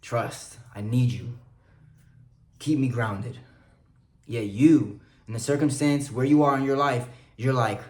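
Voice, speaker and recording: A man giving an earnest spiritual pep talk, shifting between soft confiding passages and loud urging ones. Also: medium pitch, moderate pace, roomy sound. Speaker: motivational vlogger. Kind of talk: spiritual motivational monologue.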